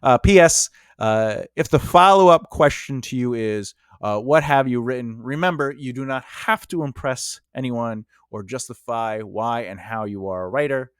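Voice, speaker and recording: A man's voice: medium pitch, normal speed, few pauses, clean tone, no room sound, clean studio sound. A male screenwriter talking casually to camera, giving advice on writing and acting out little exchanges as he goes. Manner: conversational, acts out quoted exchanges.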